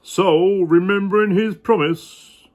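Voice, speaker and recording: A man's voice: high-pitched, fairly even intonation, takes it slowly, a little mellow, lo-fi sound. A man reading a children's picture book aloud in a playful way. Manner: playful, stops to joke about the story. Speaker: storybook reader.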